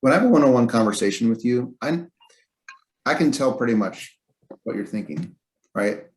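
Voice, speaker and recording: A man's voice: medium pitch, lively intonation, normal speed. A man hosting a podcast, chatting in a reflective, hesitant way with many fillers. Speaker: podcast host. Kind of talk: casual chat.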